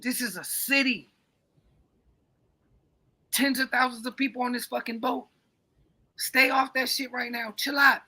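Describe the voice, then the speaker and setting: A man's voice: very high voice, fairly even intonation, measured pace, long pauses, pushed and bright, slightly rough. A man co-hosting a podcast, rambling in casual, profane, emphatic chat. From coastal United States. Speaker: podcast co-host.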